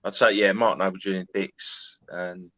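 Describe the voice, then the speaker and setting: A man on a fan show panel giving calm, measured opinions in casual chat. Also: low-pitched, no room sound, dull audio.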